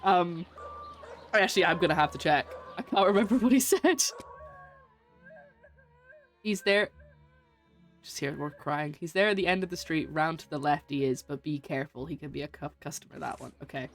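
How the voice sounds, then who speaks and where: A woman's voice: deep voice, normal speed, long pauses. A woman streaming a video game and chatting casually as she plays, giggling often and making fun of herself. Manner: giggly, chatty, self-mocking. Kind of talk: casual let's-play commentary.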